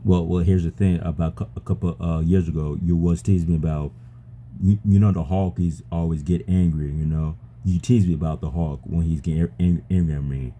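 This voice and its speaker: A man talking casually to an AI chat companion, halting and stammering, often repeating his words. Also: low-pitched, steady tone, dark tone, a little hiss or hum. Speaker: user chatting with an AI.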